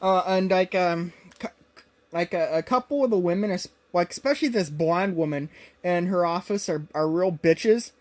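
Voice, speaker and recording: A woman's voice: fairly low pitch, moderate pace, darkish tone. A woman co-hosting a podcast, recapping a movie in casual chat and rambling along with lots of fillers and restarts. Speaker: podcast co-host.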